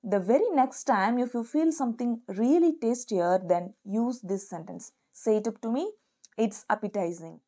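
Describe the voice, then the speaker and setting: A woman teaching an online lesson, upbeat, slowing down to model example phrases for learners to repeat. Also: on the high side, lively intonation, warm tone, breathy edge. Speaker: English teacher.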